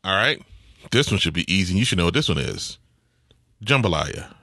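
A man's voice: sits low, sing-song, moderate pace, sharp tone, breathy edge. A man co-hosting a casual chat, talking animatedly and laughing while he eats. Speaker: podcast co-host.

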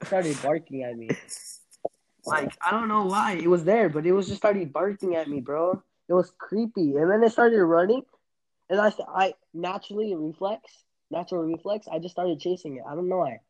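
A man's voice: high voice, moderate pace, rough recording. A young man hosting a casual podcast chat, rambling and laughing with many restarts. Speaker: podcast host.

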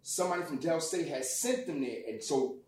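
A man telling a personal story in casual conversation, animated and profane, acting out what people said. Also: a little high, quick pace, echoey room, far from the mic. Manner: animated, profane, acts out quotes loudly. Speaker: guest.

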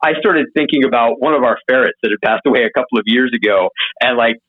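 A man telling a wild story as an interview guest, casual and profane, acting out what people said in a higher voice. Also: fast, narrow, tinny audio. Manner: animated, profane, acts out quotes in a higher voice.

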